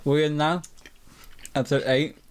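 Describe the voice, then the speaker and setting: A man's voice: a little high, fairly even intonation, normal speed, clean tone. A young man hosting a podcast, rambling and swearing casually while he eats cookies. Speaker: podcast host. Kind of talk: casual chat.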